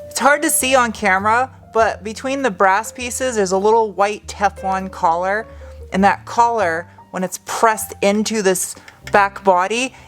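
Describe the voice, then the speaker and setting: A young adult woman casually narrating her truck restoration in a garage, joking and talking to herself as she works. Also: mid-range voice. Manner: chatty, joking, talks to herself while working. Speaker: car restoration vlogger.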